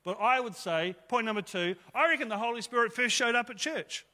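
Bright high-voiced male pastor preaching. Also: expressive, brisk, in a large hall. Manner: conversational, emphatic preaching with rhetorical questions. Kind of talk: sermon. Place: church.

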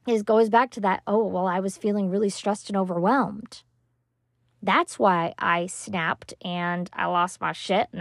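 Her voice is mid-range and gravelly, recorded clean in a studio without echo. Hosting a solo parenting-coach podcast, she talks with casual, animated emphasis, slips in the odd curse, and plays out the words of frazzled mothers to motivate listeners.

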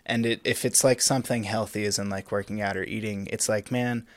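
Young adult male guest, relaxed and chuckly, dry close mic. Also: fairly low pitch, fairly quick, no room sound. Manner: laid-back, laughs often, filler-heavy. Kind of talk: casual podcast chat.

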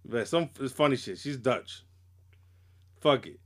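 A man's voice: mid-range voice, expressive, a little slow. A man co-hosting a hip hop podcast, chatting casually with loose, profane, laughing banter. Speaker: podcast co-host.

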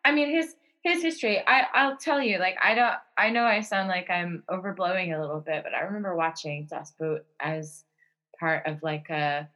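A woman co-hosting a podcast in casual chat, talkative and quick to laugh, given to rambling asides. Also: lowish voice, bright, forceful tone, low-quality recording. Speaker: podcast co-host.

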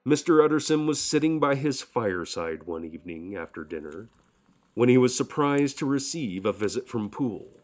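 A man narrating an audiobook in a measured, solemn manner. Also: medium pitch, lively intonation, a little mellow. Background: faint violin music.

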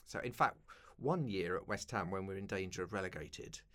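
Brief: London man, fifties, low-ish voice, wry self-deprecating storyteller in a chat interview. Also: expressive, a little fast, fairly bright tone. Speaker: guest, broadcaster and keynote speaker.

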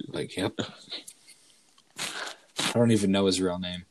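A man in casual chat, telling animated stories about coworkers and acting out their lines. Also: sits low, slow pace. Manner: animated storyteller, acts out coworkers' voices. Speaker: co-host telling work stories.

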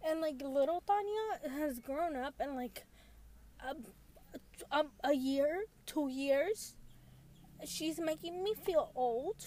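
High-voiced young woman rambling a recap. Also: mellow, slight background noise. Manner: rambling, heavy filler words, giggly. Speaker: show recap vlogger. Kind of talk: casual episode recap.

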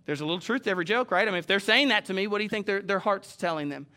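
Bright-voiced preacher, animated. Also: male voice, sits high, very fast. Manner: animated, rising to loud exclamations and acted-out quotes. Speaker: pastor. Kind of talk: sermon. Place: church sanctuary with a live congregation.

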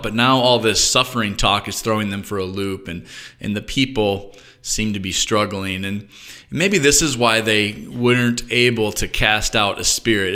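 A man's voice: lowish voice, bright, forceful tone. A man teaching a reflective Bible study, thinking aloud and often restarting his sentences. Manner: thoughtful, musing aloud with frequent restarts.

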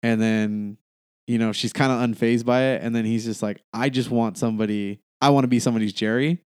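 A man's voice: mid-range voice, fairly even intonation, fairly quick, a little mellow, clear, resonant tone, no echo. A man co-hosting a movie podcast in easygoing conversation. His voice sits in a middle range and the recording is dry and close. He swears freely and acts out movie scenes with enthusiasm. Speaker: podcast co-host. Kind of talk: casual chat.

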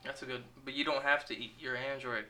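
A podcast host in casual chat, teasing his co-host with rapid-fire banter. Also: mid-range voice, fairly even intonation, pushed and bright.

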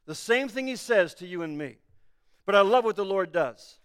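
A male pastor preaching a sermon, building to emphatic, forceful bursts. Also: high-pitched, expressive, normal speed, clear, resonant tone.

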